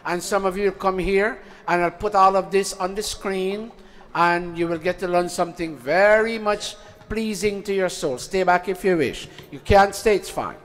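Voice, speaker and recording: A man's voice: high-pitched, moderate pace, fairly bright tone. A man leading a weekly gathering, making casual announcements and addressing people by name in an informal, friendly way. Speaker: spiritual teacher leading a satsang. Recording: long hall reverb with faint music.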